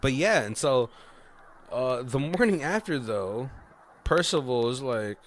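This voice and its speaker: A man's voice: mid-range voice, lively intonation, unhurried, slight background noise. A man on a podcast casually retelling a film plot, rambling and breaking into laughter often. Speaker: podcast co-host. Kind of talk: casual movie recap.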